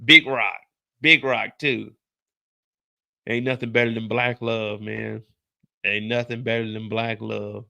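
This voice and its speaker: A man's voice: fairly low pitch, steady tone, takes it slowly, creaky, pauses often, sharp tone. A man hosting a casual TV episode recap, telling it in a brash, profane style with personal asides. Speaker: TV recap host.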